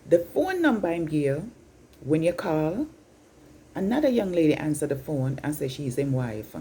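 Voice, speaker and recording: A woman's voice: sits low, warm tone, slight background noise. A Jamaican woman in her fifties giving an incredulous, scolding opinion vlog, slipping in and out of patois. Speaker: vlogger.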